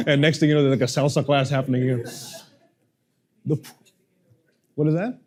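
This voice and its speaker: A man, a public speaking coach, teaching a workshop to a live audience, energetic and playful, often quizzing the room. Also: on the high side, unhurried.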